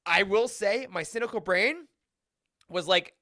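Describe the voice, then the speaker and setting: A man hosts a laid-back podcast roundtable with real enthusiasm, laughing often and breaking into animated asides. His voice sits high and bright. The sound is dry, with no room echo. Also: unhurried. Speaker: podcast host.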